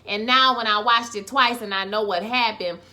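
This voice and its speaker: A woman giving a sassy, expressive, profane recap of a TV episode. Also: on the high side, normal speed. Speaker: TV recap vlogger.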